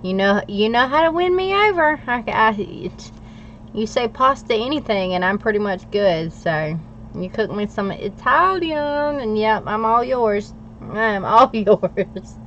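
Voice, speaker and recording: With a fairly high, bright voice and animated delivery at a measured pace, an American planner livestream host chats with her viewers as she works, laughing frequently. The recording is muffled, with a bit of background noise.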